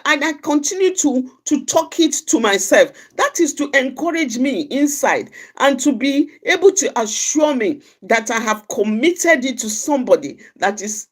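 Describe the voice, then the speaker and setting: A woman giving an informal, earnest talk on managing anger. She repeats each point and fills her phrasing with "you know". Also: high voice. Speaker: outreach speaker on anger management.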